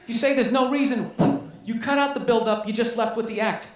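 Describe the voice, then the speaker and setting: A man's voice: extremely high pitch, steady tone, a little fast. Exasperated, profane male stand-up comic. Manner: profane, exasperated storytelling with mock-quoted voices. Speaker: stand-up comedian. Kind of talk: stand-up routine. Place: stand-up special played back in a room. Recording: roomy, distant, noisy playback.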